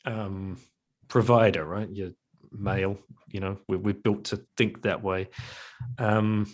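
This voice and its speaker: A man's voice: fairly low pitch, flat delivery, takes it slowly. A middle-aged man speaking as a podcast guest, candid and reflective, with self-deprecating laughs and frequent restarts. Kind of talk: casual interview talk.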